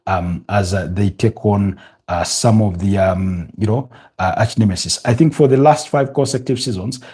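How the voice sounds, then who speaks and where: A young man with a Ugandan English accent hosts a live football watch-along, chatting with viewers and calling the match. His husky voice sits lowish and moves at normal speed, full of fillers and restarts, with excitement rising at goals.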